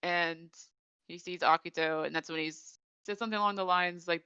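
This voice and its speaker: Woman host recapping a show, smooth clear voice, dry dull lo-fi sound. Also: on the low side, steady tone, normal speed, sharp tone, no echo. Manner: chatty storytelling with many fillers. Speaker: podcast host. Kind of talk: casual episode recap chat.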